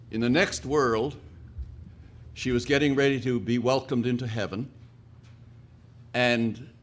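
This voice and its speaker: A man's voice: medium pitch, fairly bright tone. A man from Newfoundland telling humorous stories at a conference, folksy and repeating his words. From Newfoundland, Canada. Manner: folksy, repeats words, laughs at own jokes. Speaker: conference speaker. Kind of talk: humorous storytelling.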